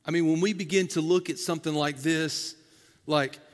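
A male pastor delivers a sermon in a somewhat high voice, talking with the congregation in a folksy, conversational way. His words ring out with a long reverb, as if in a big room. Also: fairly even intonation, normal speed.

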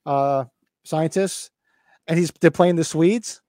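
A man's voice: fairly high pitch, slow pace, mellow, no room sound. A man in his fifties hosting a casual podcast, talking with rambling enthusiasm and swearing freely. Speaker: podcast host.

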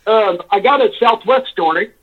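A man's voice: high-pitched, normal speed. Exasperated man ranting over a tinny phone. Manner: rambling, exasperated, swears freely. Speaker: caller. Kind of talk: casual phone-in storytelling.

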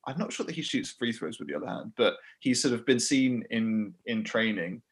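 A man's voice: medium pitch, lively intonation, fairly quick. Anglicised Australian man, chatty podcaster. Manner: chatty, laughs often, builds reasoned points. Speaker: podcast co-host. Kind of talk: casual sports chat.

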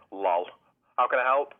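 A man's voice: mid-range voice, lively intonation, slow pace. A man working as a car dealer, bantering in a laid-back, teasing way on a phone call. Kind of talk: casual phone chat. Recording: tinny phone line.

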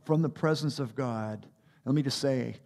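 A man preaching a sermon as a pastor, animated, rising to emphatic peaks and dropping to quiet asides. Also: medium pitch, moderate pace, creaky.

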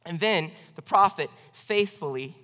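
A young man, a youth pastor, preaching a sermon in a church with lively, acted-out asides. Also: a little slow, long reverb tail. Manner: animated, acts out quoted voices with big swings in pitch and loudness. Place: church sanctuary.

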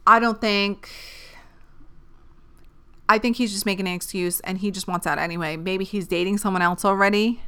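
A woman in her thirties hosting a podcast, giving dating advice in a blunt, profane, animated way. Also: medium pitch, normal speed, long pauses, clean tone. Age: 30s. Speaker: podcast host. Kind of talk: casual podcast monologue.

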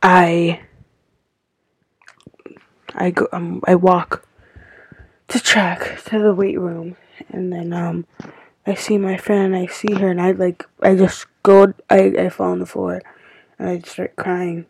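A woman's voice: fairly low pitch, little pitch movement, slow, gravelly, pauses often, husky, no room sound, poor audio. A woman hosting a casual confessional podcast, rambling with lots of filler words and sometimes dropping almost to a whisper. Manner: rambling, heavy use of "like" fillers; drops to a near-whisper at times. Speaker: podcast host.

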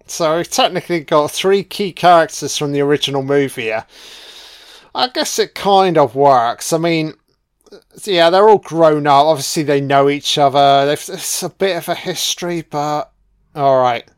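A man's voice: a little high, moderate pace, smooth. A man giving a profane, sarcastic commentary on a film as it plays.

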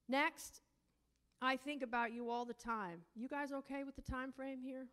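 A woman teaching a sermon on God as father, preaching emphatically and drawing out key words slowly, sometimes breaking into tongues. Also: sits high. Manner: emphatic preaching, rising to near-shouting; speaks in tongues at times. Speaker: prayer teacher.

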